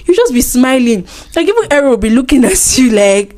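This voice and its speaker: A woman's voice: high-pitched, sing-song, a little mellow. A woman co-hosting a casual faith chat, earnest and teasing. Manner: earnest, teasing, quick laughs. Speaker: co-host.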